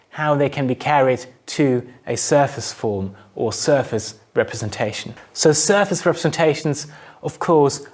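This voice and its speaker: A man giving a recorded university lecture, explaining step by step and sounding out example words. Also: fairly high pitch. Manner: measured, explanatory, demonstrates sounds aloud.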